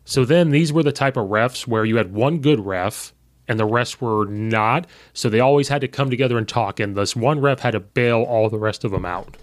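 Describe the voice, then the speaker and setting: A man hosting a casual podcast chat. He is an animated storyteller who acts out the dialogue he quotes. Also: mid-range voice, moderate pace, dry recording. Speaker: podcast host and high school coach.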